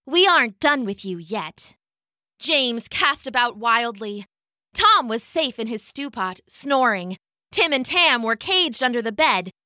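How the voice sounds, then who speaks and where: Slow, bright-voiced woman storyteller. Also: on the high side, no room sound, studio quality. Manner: measured, unhurried storytelling. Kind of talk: scripted story narration.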